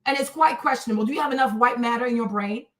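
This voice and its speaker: A woman in her thirties hosting a livestream, ranting at her chat in a combative, profane, mocking way with loud, emphatic repetition. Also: on the high side, fast, faint music behind. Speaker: livestream host.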